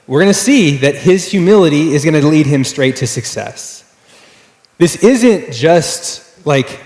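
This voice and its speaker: A male pastor delivers a sermon in a relaxed, chatty storytelling manner, his voice sitting a little high for a man. The sound carries a long reverb from a roomy church hall. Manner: conversational, animated storytelling with fillers. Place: church sanctuary.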